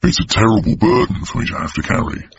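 An actor playing a weary, complaining man whose gravelly voice sounds distorted, in a comedy sketch. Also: on the low side, very animated, fast talker, dull audio, background noise. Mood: aggrieved. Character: aggrieved man with a strange gravelly voice.

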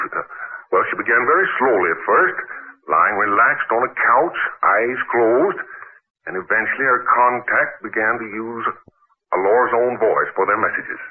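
An actor playing an effusive old-fashioned society gentleman who believes in a medium, in 1940s radio acting style, theatrical and gushing. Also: medium pitch, husky. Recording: tinny old radio broadcast recording.

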